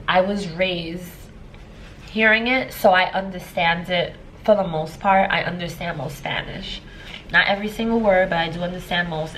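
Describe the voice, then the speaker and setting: A woman's voice: on the low side, a bit bright, slight background noise, low-quality recording. A woman in her thirties, a life coach, telling a personal story in a casual vlog, emotional and rambling with many fillers. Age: 30s. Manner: emotional, tearful at times.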